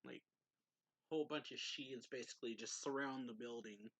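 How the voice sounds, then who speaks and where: A man's voice: medium pitch, moderate pace, a bit bright. A man giving a casual, rambling recap of a manga chapter as a reviewer. He fills his talk with "like" and reads quoted lines aloud along the way.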